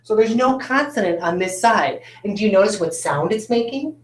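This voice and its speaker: A woman teaching a recorded phonics lesson at a whiteboard, talking to students with encouraging, drawn-out questions. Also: medium pitch, expressive, roomy sound. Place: classroom with a whiteboard.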